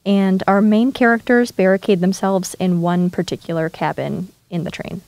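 A woman co-hosting a podcast about horror films, chatting casually and briskly summarizing the story. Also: medium pitch, steady tone, a little mellow, no echo. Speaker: podcast co-host. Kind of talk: casual chat.

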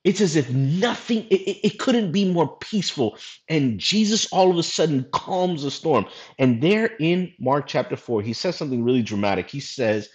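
A male pastor preaching a sermon in a lively, storytelling way with casual slang. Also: fairly high pitch, moderate pace.

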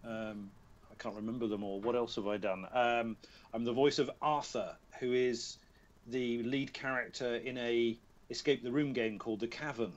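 Male guest, chatty raconteur, mid pitch, dull lo-fi call audio. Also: fairly even intonation, moderate pace. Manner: chatty, self-amused storyteller. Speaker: voice actor guest. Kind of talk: casual podcast chat. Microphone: remote call.

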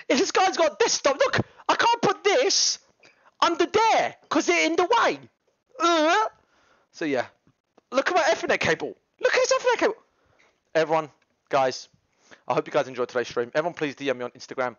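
Slangy British man, lively rambling. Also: extremely high pitch, normal speed, no room sound, dull audio. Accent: British English. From United Kingdom. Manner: rambling, slangy storytelling with swearing. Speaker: livestreamer. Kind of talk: casual livestream chat.

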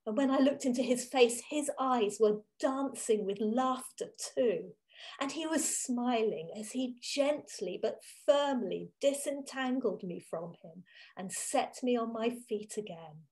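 A woman giving a first-person dramatic monologue as a grieving, devoted woman disciple from ancient times, telling it slowly and with emotion. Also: a little high, lively intonation, darkish tone. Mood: awed. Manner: slow, emotional, intimate storytelling. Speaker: church reader.

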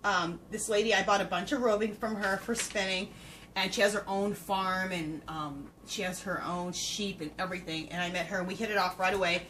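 A woman of ordinary pitch hosts a casual craft podcast, gushing over her materials and talking straight to her viewers. She fills her talk with ums and excited exclamations, and a faint hiss sits under her voice. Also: brisk, low-quality recording. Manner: gushing, enthusiastic, full of filler words. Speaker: fiber-craft podcast host. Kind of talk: casual show-and-tell chat to viewers.

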